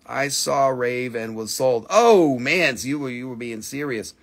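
A man's voice: medium pitch, lively intonation, measured pace. A man hosting a live crystal sales stream, joking crudely, swearing and calling out prices like an auctioneer. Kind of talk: casual live-stream selling chat.

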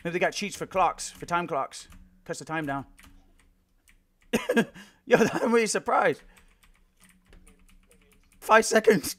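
A man's voice: fairly high pitch, lively intonation, normal speed, long pauses, fairly bright tone. A man streaming a shooter game, swearing, trash-talking and joking with his squad while he plays. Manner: laughs often. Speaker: gaming streamer. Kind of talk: live gameplay commentary.

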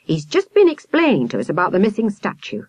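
A woman's voice: fairly low pitch, huge pitch swings, a little fast, a little mellow, breathy edge, dry recording, exaggerated voice. A woman voicing a stern, self-important male police sergeant in a storybook.

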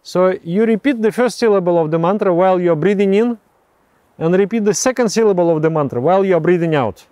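Male meditation teacher, slightly high, mellow tone, dry close sound, halting and repetitive delivery. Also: dry recording. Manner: halting, repeats words and restarts phrases. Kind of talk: explaining meditation practice.

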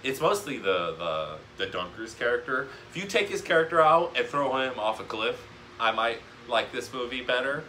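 A man's voice: medium pitch, big pitch swings, moderate pace, sharp tone, slight background noise. A man ranting in a casual chat as a podcast guest, swearing and laughing often.

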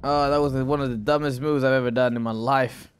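A man's voice: mid-range voice, steady tone, brisk, slight background noise. Rambling man commenting on gameplay. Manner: rambling, repeats words, frequent exclamations. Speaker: gaming YouTuber. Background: background music.

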